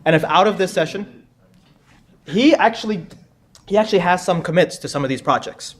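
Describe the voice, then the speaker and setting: A man with a somewhat high voice hosts a quiz for a room full of people. He is chatty and jokey, doubling back on his words as he goes. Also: a little fast. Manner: joking, chatty, repeats himself. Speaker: quiz host. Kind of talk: live conference pub quiz hosting. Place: conference room with audience.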